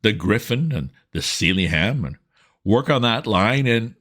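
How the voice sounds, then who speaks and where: A man voicing a jovial, exuberant young gentleman who talks in a hearty, breezy way. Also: fairly low pitch, lively intonation, measured pace, pitched above the performer's own voice.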